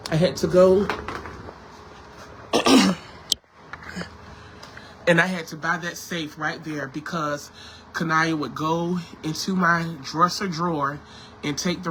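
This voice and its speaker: A man's voice: a little high, noisy background. A sick man, venting to his viewers on a livestream from home and coughing. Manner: emotional, repetitive, addresses viewers as y'all. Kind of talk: casual livestream talk.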